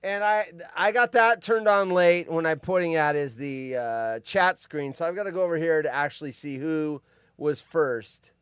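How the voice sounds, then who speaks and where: A man's voice: a little high, moderate pace, fairly bright tone, clean tone, no room sound, clean studio sound. A man in his fifties hosting a live stream, rambling, joking and reading chat aloud. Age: 50s.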